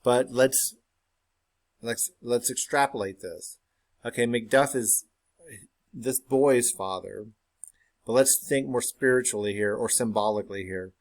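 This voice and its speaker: A man teaching a play, reading scenes aloud and then explaining them in a relaxed, conversational way. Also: mid-range voice, unhurried, pauses often. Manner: conversational, reads lines then unpacks them with fillers.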